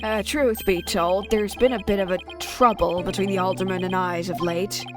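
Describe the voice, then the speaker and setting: A woman's voice: mid-range voice, steady tone, moderate pace, music in the background, close to an everyday voice. A woman voicing a pompous, fussy male mayor who talks in flowery, grand phrases while reading a game aloud.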